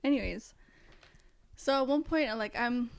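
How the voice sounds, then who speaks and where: A young woman, a podcast guest, telling lively, profane stories in casual chat and acting out her own past lines. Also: on the high side, normal speed, gravelly, a crowd in the background. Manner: animated, swearing storyteller who acts out her own past lines.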